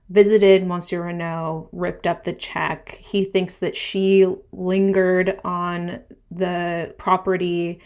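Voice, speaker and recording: A woman co-hosting a podcast, chatting casually about a book and retelling its plot in a lively, animated way. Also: on the low side. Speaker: podcast co-host.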